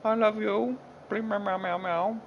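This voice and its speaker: A man voicing his young, energetic male housecat in a high, squeaky put-on voice, clingy and boastful. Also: a little slow, lo-fi sound, slight background noise. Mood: pleading.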